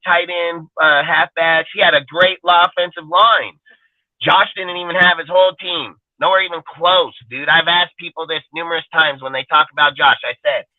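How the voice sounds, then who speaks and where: A man's voice: on the high side, no room sound. A man in heated sports talk, ranting and cursing as he repeats his points. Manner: profane, ranting, repetitive. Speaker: podcast co-host. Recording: dry, tinny phone-like sound.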